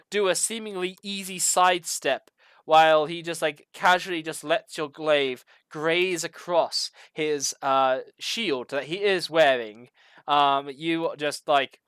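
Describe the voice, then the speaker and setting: A game master calls the turns of a tabletop session over voice chat. His or her medium-pitched voice is a bit bright, clear, and resonant, and the narration runs loose, padded with fillers. The sound is dry, with no echo or room around the voice.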